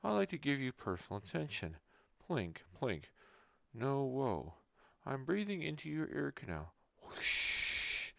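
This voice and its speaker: Guy putting on a creepy ear-cleaner whispered role-play, hushed with a gravelly edge, pitch swooping all over. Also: no echo, studio quality, exaggerated voice. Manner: speaks sound effects aloud in a hushed voice. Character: creepy male ASMR ear-cleaner pulling bugs out.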